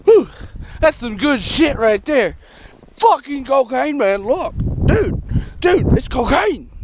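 A man vlogging outdoors in the snow in a put-on Australian accent, loud, excited and swearing, often shouting. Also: very high voice, takes it slowly. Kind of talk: joking outdoor vlog. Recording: wind and passing vehicle noise.

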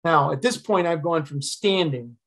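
Middle-aged guy, retired fire chief, raspy-fry voice, telling a raw personal story to a crowd. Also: a little high, lively intonation, moderate pace, a bit bright, low-quality recording. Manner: candid, emotional, conversational storytelling. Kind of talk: personal storytelling talk to an online audience.

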